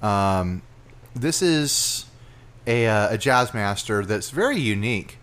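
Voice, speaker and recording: A young man co-hosting a casual gear podcast, chatty and quick to laugh, reading out listings. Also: fairly low pitch, sing-song, a bit bright. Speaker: podcast co-host. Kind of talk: casual chat.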